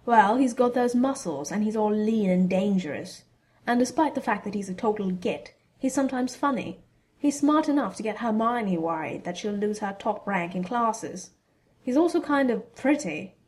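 A woman's voice: medium pitch, animated, moderate pace, a little mellow, close to an everyday voice. Woman reader doing a blunt, scheming schoolboy wizard; brash and teasing. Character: scheming teenage boy wizard, cheeky and blunt.

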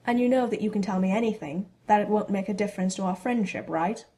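A woman's voice: medium pitch, fast talker, dark tone, lightly acted. Awkward teen boy wizard, read by a woman, hesitant, defensive. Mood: evasive. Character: awkward teenage boy wizard, flustered and evasive.

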